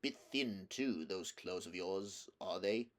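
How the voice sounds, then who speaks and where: A gloomy, long-limbed marsh-wiggle who mutters and grumbles in a lowish, dour voice, as a man reading a storybook puts him on. He gives his warnings low and cautious, a glum creature of a fantasy tale. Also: takes it slowly. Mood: grumbling. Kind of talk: audiobook character voice.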